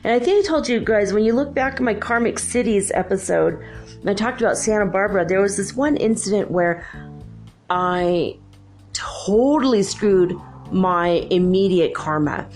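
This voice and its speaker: Expressive and a little mellow, her mid-range voice moves at a moderate pace over soft background music. She hosts a spiritual talk show in a rambling, chatty manner loaded with "you know" and "like."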